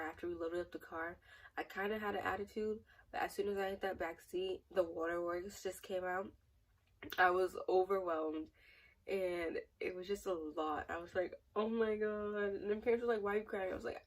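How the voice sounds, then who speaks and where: A young woman tells a rambling, chatty story in a casual vlog, full of "like" and restarts. Her voice sits a little low and sounds husky, and she is set back from the mic. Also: distant mic, poor audio. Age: young adult. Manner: rambling, chatty, lots of fillers. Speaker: vlogger.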